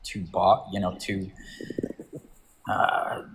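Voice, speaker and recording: A man's voice: low-pitched, monotone, very slow, vocal fry, slight background noise. A man calling into a live stream debate, making his case hesitantly with many fillers. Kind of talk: casual argument.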